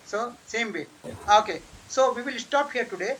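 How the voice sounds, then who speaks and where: A man's voice: extremely high pitch, animated, a bit bright, slight background noise, low-quality recording. Man correcting German pronunciation. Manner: corrective, patient, repeats words slowly. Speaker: German teacher. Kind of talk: online language lesson.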